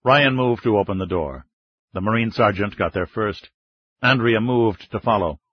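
A man narrating a thriller audiobook in a measured, steady storytelling manner. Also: on the low side, breathy edge, no room sound. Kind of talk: scripted narration. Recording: slightly dull lo-fi recording.

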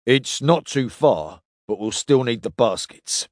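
A man doing a measured, scheming guide. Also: medium pitch, lively intonation, a little mellow, dry recording, clean studio sound, natural voice.

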